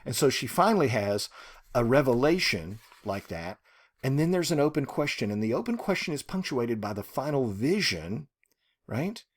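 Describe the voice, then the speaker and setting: A man teaching a short story, talking in an animated, rhetorical way and often checking in with "right?". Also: medium pitch, moderate pace. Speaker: literature teacher.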